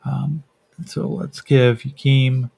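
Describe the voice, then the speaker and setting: Slow, husky game master narrating. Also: male voice, mid-range voice, steady tone, dark tone, no room sound. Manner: hesitant, many fillers, descriptive. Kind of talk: narrating a solo tabletop game.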